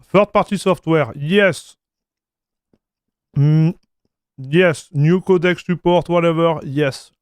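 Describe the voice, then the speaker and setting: A man's voice: on the high side, takes it slowly, pauses often, clear, resonant tone, dry recording, clean studio sound. A man with a French accent, chatting loosely on a live tech stream, with many fillers and repeated words. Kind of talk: casual livestream chat while installing software.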